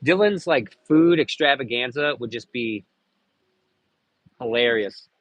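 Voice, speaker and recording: A man's voice: medium pitch, expressive, measured pace, dry recording, rough recording. A man chatting casually on a live stream, rambling and joking with lots of cursing. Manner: crude, rambling, jokey with frequent cursing.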